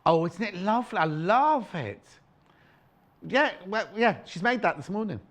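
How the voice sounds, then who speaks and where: A man hosting live shopping television, with a slightly raised pitch and a very animated, swooping delivery. He jokes and teases between product prices in a chatty, playful way. His voice is picked up by a clip-on mic in a studio. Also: normal speed. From United Kingdom. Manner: playful, teasing, chatty, lots of asides. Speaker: shopping channel presenter. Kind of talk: live TV sales chat.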